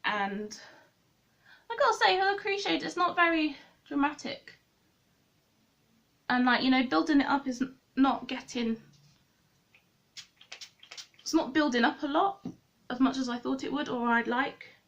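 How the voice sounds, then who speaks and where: A woman's voice: high voice, expressive, a little slow, vocal fry, long pauses, fairly bright tone. Girl rambling thru a makeup tutorial, keeps correcting herself, kinda dull lo-fi sound. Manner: thinks aloud, rambling and self-correcting. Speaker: beauty vlogger.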